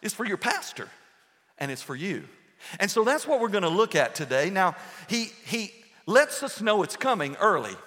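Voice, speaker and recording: A pastor preaches a live sermon to his congregation in a church sanctuary, his high voice sing-song, a bit bright and moderately paced. He's folksy and jokes with the crowd, while the church hall gives the recording a long reverb.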